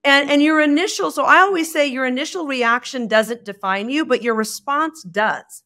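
A woman guest in a podcast conversation, speaking expressively and acting out bits of dialogue. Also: normal speed. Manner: expressive, acts out dialogue with shifting pitch. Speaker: guest, communication expert.

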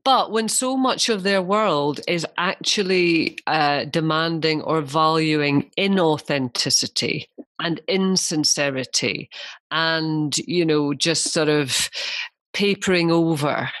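A Scottish woman in her fifties, a broadcaster chatting candidly as a podcast guest and telling lively stories. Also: low-pitched, takes it slowly, no room sound. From Scotland. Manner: candid, animated storyteller. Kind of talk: casual interview chat.

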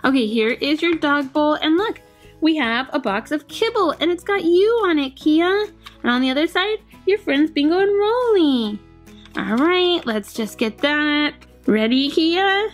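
A woman narrating toy play in a gentle, soothing, sing-song way. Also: high voice, lively intonation, measured pace, soft background music.

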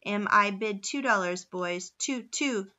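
A man's voice: high voice, bright, forceful tone, exaggerated voice. A woman doing a brash gold-rush auctioneer man. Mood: hawking. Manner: rapid auction patter, repeating bids.

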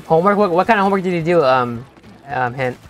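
A young man streaming a game live, talking to his teammates and chat in an excitable, stammering way that repeats itself. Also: fairly high pitch, brisk, faint music behind. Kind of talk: live gameplay commentary.

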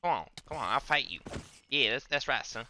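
A young man streaming a game in casual commentary, stammering and restarting his words, often breaking into loud trash talk at the monsters. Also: mid-range voice, animated, fairly quick, slight background noise. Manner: trash-talks the game's monsters, loud bursts of exasperation.

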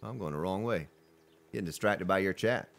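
A man with a deep voice streaming a survival game, chatting casually and greeting viewers from chat. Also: fairly quick, creaky. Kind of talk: casual live-stream commentary.

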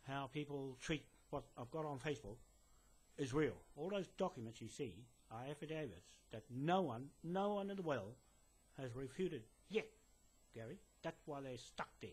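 A land claimant delivers a message directly to camera for a police detective, indoors in a building. His medium-pitched voice is expressive, a little mellow, with a breathy edge, at normal speed. He rambles with many fillers and restarts, insistent and lecturing.

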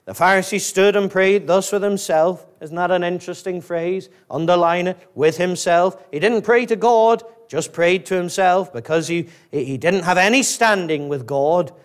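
A man's voice: high voice, normal speed, hardly any pauses, smooth. A man preaching an earnest, emphatic sermon, putting questions to his listeners and acting out their objections before answering them. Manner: mimics a self-righteous listener's objections. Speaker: pastor.

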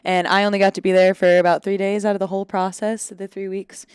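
A woman's voice: mid-range voice, flat delivery, fast talker, smooth, no echo, studio quality. A woman guest on a podcast, chatting casually about acting in a film and often acting out what she and others said. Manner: chatty, self-interrupting, acts out quotes. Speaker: actor guest.

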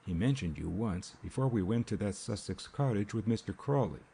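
A man's voice: fairly low pitch, lively intonation, normal speed, creaky, dark tone, a little hiss or hum. A man voicing a frightened, timid young wife who speaks in a faltering way.

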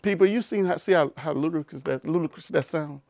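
A man with a somewhat high voice, recorded close and dry with no room sound. He preaches in a loose, conversational way, repeats himself, restarts often, and asks his listeners pointed rhetorical questions. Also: fast talker, vocal fry, a little mellow, no echo. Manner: repetitive, emphatic, with rhetorical questions and many restarts. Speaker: Bible teacher. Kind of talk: informal preaching talk.

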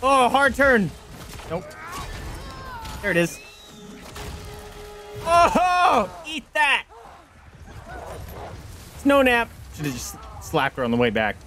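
A young man streaming a video game, reacting with excited, swearing commentary and yelling at the screen. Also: very high voice, very slow, pauses often, faint music behind.

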